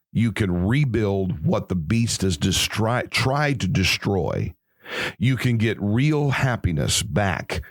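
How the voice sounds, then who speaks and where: A man's voice: fairly low pitch, no echo, studio quality. A man hosting an inspirational Christian podcast, speaking earnestly in a preacherly way and drawing words out. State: emotional. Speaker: podcast host.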